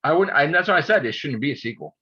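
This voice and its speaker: A man's voice: fairly high pitch, lively intonation, quick pace, pushed and bright, husky, lo-fi sound. A man in casual chat, ranting with heavy profanity. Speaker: podcast host.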